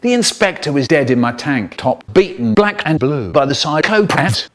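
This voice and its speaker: Male storyteller, slightly high voice, big playful swoops, comic delivery. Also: big pitch swings, moderate pace, fairly bright tone. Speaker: children's storyteller. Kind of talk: comic storytelling, spliced edit.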